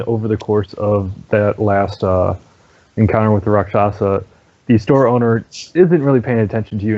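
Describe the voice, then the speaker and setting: A man's voice: fairly low pitch, warm tone, no echo. A man narrating a tabletop game as game master, wry and descriptive, often laughing. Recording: dull lo-fi sound.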